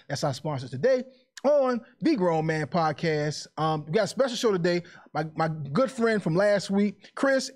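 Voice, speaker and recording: A man hosting a podcast, chatting casually and animatedly, laughing often and mixing jokes with preachy asides. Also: a little high. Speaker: podcast host. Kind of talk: casual chat.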